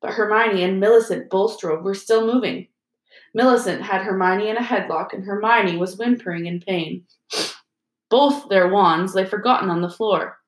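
A woman narrating an audiobook in a steady storytelling manner. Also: medium pitch, moderate pace. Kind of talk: audiobook reading. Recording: roomy echo.

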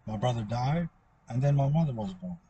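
A man's voice: mid-range voice, animated, brisk, dark tone, lo-fi sound, a little hiss or hum. A man talking in a rambling, repetitive monologue that often trails off.

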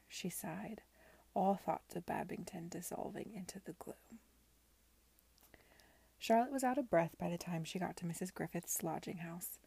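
A woman reading a novel aloud in a soft, near-whispered way. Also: on the low side, vocal fry, breathy edge, no room sound. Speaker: reader.

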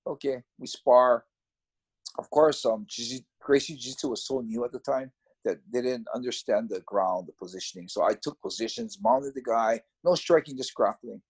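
A man casually recounting how he started fighting, in a reflective, halting, conversational way. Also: medium pitch, slightly rough. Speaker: former fighter recounting his career. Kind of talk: casual storytelling.

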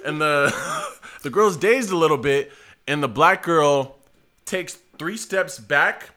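A man's voice: fairly high pitch, slow. A young man casually telling a funny story to friends, laughing and acting out the people in it. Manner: animated, laughing, acts out voices of people in the story. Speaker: podcast host telling a story.

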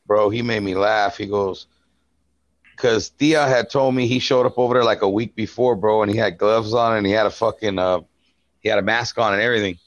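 A man's voice: fairly low pitch, steady tone, a little fast, no room sound, dull audio. A man co-hosting a podcast, telling stories in casual chat and swearing often. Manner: storytelling, profane, says "bro" often. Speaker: podcast co-host.

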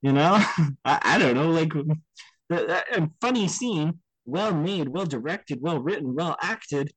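A man co-hosting a podcast, talking casually about films in an animated way and often checking in with his listener. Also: a little high, a little slow, husky, dry recording, low-quality recording. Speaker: podcast co-host. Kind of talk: casual film discussion.

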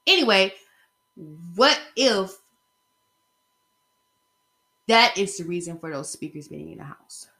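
A woman's voice: mid-range voice, animated, normal speed, creaky, bright, forceful tone. A woman talking in a casual opinion vlog, rambling and emphatic as she speaks straight to her viewers. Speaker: vlogger.

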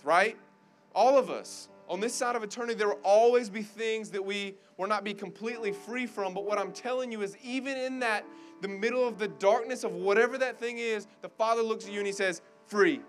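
Fervent high-voiced male preacher. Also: fairly bright tone. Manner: urgent, repetitive, fervent preaching. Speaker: guest preacher. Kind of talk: sermon to college students.

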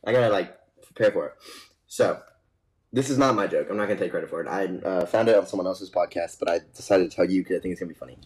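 A young man co-hosting a podcast talks in a deep voice at a quick pace, casually spinning a long, rambling joke and laughing along with it. The recording is rough.

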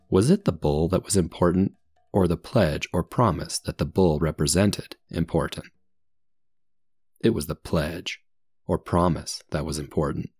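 Deep-voiced man reading a story for learners. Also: unhurried, a little mellow, husky, no echo, studio quality, soft background music. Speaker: English teacher. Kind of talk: story reading with comprehension questions.

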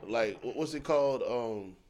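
A young man co-hosting a podcast, talking in animated, slangy banter and laughing often. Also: mid-range voice, moderate pace. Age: young adult. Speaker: podcast co-host. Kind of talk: casual chat.

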